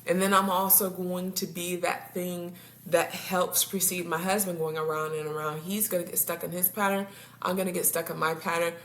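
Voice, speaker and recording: A woman's voice: fairly low pitch, level tone, moderate pace, fairly bright tone. A woman couples therapist talking casually to her viewers, laughing often and tripping over her words. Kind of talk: casual talk to camera. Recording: roomy echo, faint background hum.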